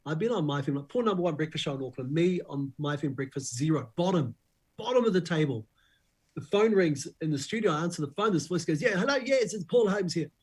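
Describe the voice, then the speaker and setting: A man's voice: a little high, fast talker, slightly rough, low-quality recording. A middle-aged man with a New Zealand accent, a radio breakfast host telling stories as a guest in a casual interview. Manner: animated storyteller who acts out quotes.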